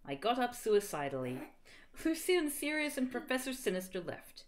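A woman reading fan fiction aloud for laughs, mostly deadpan narration with sudden squealing shouted quotes. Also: a little high, moderate pace. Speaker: co-reader.

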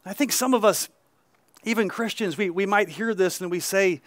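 At an outdoor service, a male pastor gives a conversational sermon, sprinkling his reading with "right?" asides and quick restarts. His voice sits high and a bit bright, and the recording is dry.

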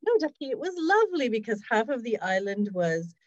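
A woman's voice: a little high, sing-song, brisk, no room sound, dull audio, pitched above the performer's own voice. A woman voicing a cheerful elderly German woman with a German accent, speaking in a breezy, fond way.

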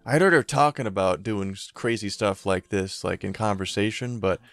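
A young man from Connecticut telling a casual, profane story in a storytime vlog, with laughter and drawn-out asides. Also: lowish voice, fairly bright tone, no room sound. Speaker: vlogger.

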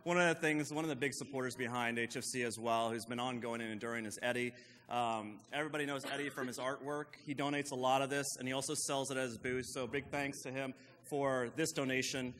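Guy doing closing announcements, lots of ums, bright voice, long hall echo. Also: medium pitch, fairly even intonation, quick pace. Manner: hesitant, many fillers. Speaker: conference organizer giving closing remarks. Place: conference hall.

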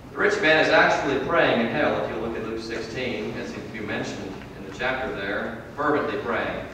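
A man preaching a sermon in a church, swinging from loud emphatic peaks to low, quiet drops. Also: a little hiss or hum. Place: church hall. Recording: echoey hall from far off.

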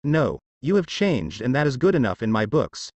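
Calm, easygoing young warrior, a man reading. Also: mid-range voice, normal speed, no room sound. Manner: calm, nonchalant. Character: young male warrior hero, calm and kind.

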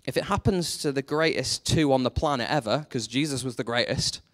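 A man preaching a sermon, telling a story with lively energy and briefly acting out the characters in it. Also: medium pitch, fairly quick. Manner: animated storytelling, acts out quoted characters.

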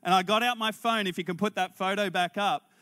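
A man preaches a sermon as a lively personal story. His voice sits fairly high and has a forceful brightness. He acts out both sides of the conversation as he goes. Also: brisk. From Australia. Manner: animated, acts out dialogue in character voices. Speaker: pastor.

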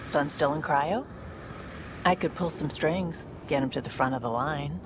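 A woman voicing a cool, capable female alien provisioner in a video game, speaking briskly and self-assuredly. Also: deep voice. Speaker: ship's provisioner. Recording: game audio with loud noise.

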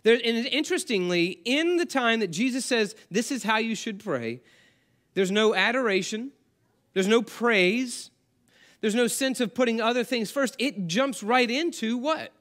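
A man's voice: very high voice, lively intonation, a little slow, fairly bright tone. A man preaching a sermon as pastor, talking conversationally and asking the congregation questions.

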